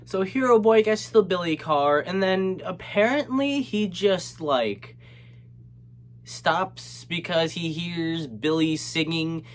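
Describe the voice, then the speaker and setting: Lively sarcastic man recapping a movie. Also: high voice, slow. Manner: sarcastic, rambling, with many fillers and restarts. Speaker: movie reviewer. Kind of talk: casual comedic movie recap.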